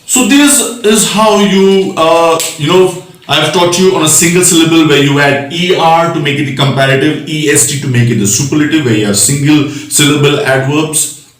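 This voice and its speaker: A man's voice: fairly high pitch, normal speed. Man teaching grammar in an echoey room. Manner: patient, spells out letters, frequent "right?" checks. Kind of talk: recorded grammar lesson. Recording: echoey room, mic at a distance.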